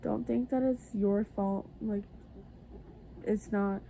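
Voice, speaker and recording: A tired, congested woman speaks to her vlog camera in an earnest, confiding way. Her voice is mellow and gravelly with vocal fry, and she talks slowly. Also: medium pitch, steady tone, slight background noise. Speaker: family vlogger. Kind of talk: casual personal talk to camera.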